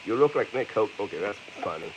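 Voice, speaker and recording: A man's voice: on the low side, animated, fast, a little hiss or hum, low-quality recording. A man in his thirties from America, ranting heatedly with lots of profanity and repetition in an angry vlog. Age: 30s. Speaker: vlogger.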